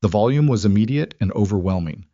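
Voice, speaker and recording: Low-voiced male thriller narrator. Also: fast talker, no echo, muffled recording. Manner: steady, dramatic storytelling. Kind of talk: scripted narration.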